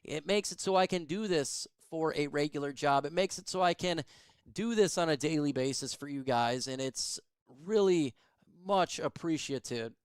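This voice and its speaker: An excitable man calls a football game as a fan, his voice pitched a little high and smooth, recorded dry and close. He gets emotional and loud on big plays, then settles into chatty talk with his viewers. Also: normal speed, dry recording. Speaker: fan play-by-play streamer. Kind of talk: live fan play-by-play and chat.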